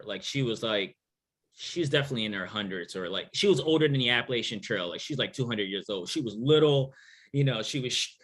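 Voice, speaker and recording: The guest, an author and thru-hiker, is a middle-aged man from New York City with a medium-pitched, fairly bright voice. Answering questions, he relates a story informally, joking around and performing the voices of people he quotes.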